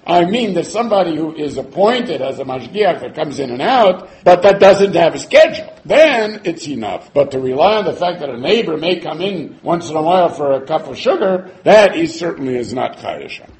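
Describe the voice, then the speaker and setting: A man teaching a Talmud class with a lively, swooping delivery, slipping Hebrew and Aramaic terms into his English. He voices the rabbis' arguments as if quoting them. His voice sits a little high for a man, with a faint hiss of background noise. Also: moderate pace, few pauses, poor audio. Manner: animated, acts out the rabbis' arguments in quoted voices. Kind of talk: Talmud lecture.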